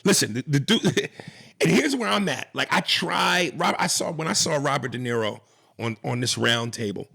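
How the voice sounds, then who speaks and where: Gravelly husky guy, podcast host, rambling animated stories. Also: a little high, normal speed. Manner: animated, storytelling, restarts a lot. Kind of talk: casual storytelling chat.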